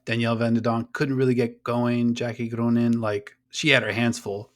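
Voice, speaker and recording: Male podcast host, casual and excitable, keen fan energy, cusses freely. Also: mid-range voice, normal speed. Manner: enthusiastic, swears freely, rattles off player names. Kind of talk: casual sports chat.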